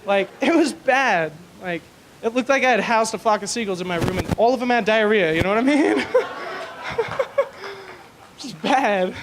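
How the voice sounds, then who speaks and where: A young man with a notably high voice performs a stand-up comedy set on a small club stage, speaking into a handheld mic. His storytelling is crude and rambling, full of fillers. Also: animated, normal speed, long pauses, noisy background.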